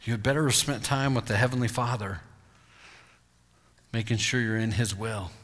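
A male pastor preaching a sermon, retelling a story in an animated storytelling way. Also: lowish voice, normal speed. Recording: long hall reverb.

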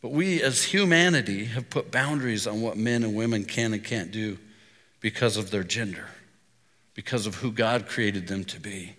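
A man's voice: lowish voice, normal speed, fairly bright tone. A middle-aged man preaching a sermon as pastor, telling stories in a conversational way. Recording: long reverb of a hall.

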